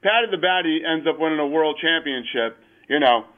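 A man's voice: fairly high pitch, lively intonation, fairly quick. A man being interviewed over the phone, talking in a blunt, emphatic way. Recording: tinny phone line.

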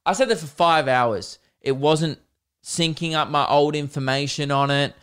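A man's voice: fairly high pitch, moderate pace, fairly bright tone, clear, resonant tone. A man hosting a podcast alone, telling an exasperated and sarcastic story in a casual rant. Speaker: podcast host.

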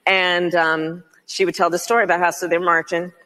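A woman's voice: on the low side, flat delivery, a little fast, a bit bright. A woman author at a book talk, telling a family story chattily with frequent laughter. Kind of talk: anecdote at a public talk.

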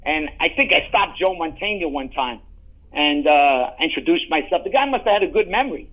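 A middle-aged man, an actor, telling rambling, animated anecdotes in a casual interview, often restarting his sentences. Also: fairly high pitch, a little fast, lo-fi sound. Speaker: guest, actor.

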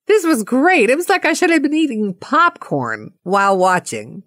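A middle-aged woman telling a personal anecdote in a playful, animated way. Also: on the high side, moderate pace, no echo, clean studio sound. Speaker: storyteller.

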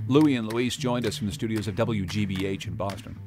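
A man hosting a public radio news show, introducing guests and segments in a measured, scripted way. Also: on the low side, over music.

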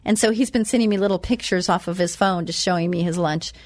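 A woman's voice: fairly low pitch, fast, a little mellow, no room sound, clean studio sound. Earnest woman hosting Christian radio talk. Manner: earnest, emphatic, chatty asides. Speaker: Christian talk show host.

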